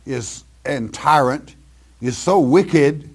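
A man's voice: on the high side, slow, darkish tone, breathy edge. A man preaching verse by verse, explaining scripture with emphatic, folksy asides. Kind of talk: verse-by-verse Bible teaching.

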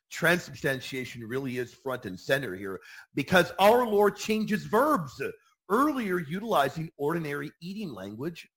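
A man hosting Catholic radio, teaching with fervent, repeated emphasis. His voice sits a bit high and swings widely in pitch. He slips into mock voices to act out objectors. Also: slightly rough. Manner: emphatic, animated, repeats key phrases with bursts of enthusiasm. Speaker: Catholic radio show host answering listener questions. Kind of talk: energetic apologetics teaching.

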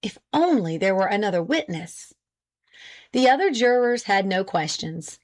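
Woman, audiobook narrator, measured, even, classic fiction. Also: mid-range voice. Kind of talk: scripted narration.

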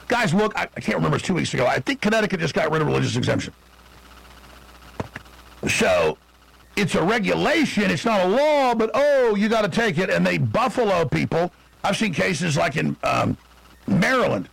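A middle-aged man hosting a radio talk show, delivering a rambling, indignant political monologue with quick asides. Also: sits high, creaky, fairly bright tone, breathy edge, dry recording, low-quality recording.

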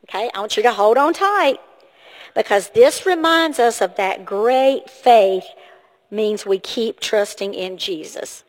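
A woman's voice: on the high side, measured pace. Woman leading a children's church talk. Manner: asks children questions, animated and encouraging. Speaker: children's sermon leader. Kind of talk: children's sermon. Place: church sanctuary. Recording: long hall reverb.

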